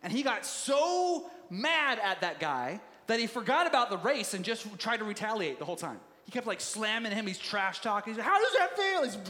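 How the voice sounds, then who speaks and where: Male pastor, sermon, chatty and animated, laughs easily, bright sharp voice, long hall echo. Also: high-pitched, moderate pace, hardly any pauses.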